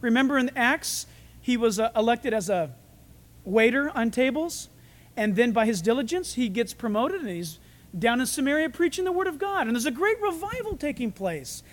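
A man preaching a sermon, animated, acting out voices and shouting for emphasis. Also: very high voice, normal speed. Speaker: pastor. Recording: reverberant hall.

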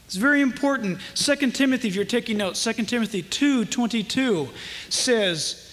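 Man, pastor, impassioned sermon, very high pitch, long hall reverb. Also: very animated, fairly bright tone. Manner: impassioned preaching with emphatic drawn-out quotations.

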